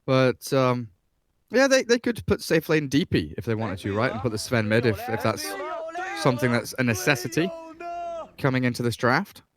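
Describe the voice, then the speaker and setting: A man casting an esports match, calmly breaking down the picks and strategy at length in casual commentary. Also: medium pitch, normal speed, crowd noise. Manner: analytical, explains drafts at length. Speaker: esports caster.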